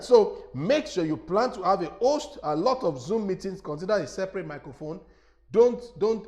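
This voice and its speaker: Animated Nigerian man teaching a webinar. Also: a little high. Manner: animated, repeats himself, addresses listeners directly. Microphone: lapel mic.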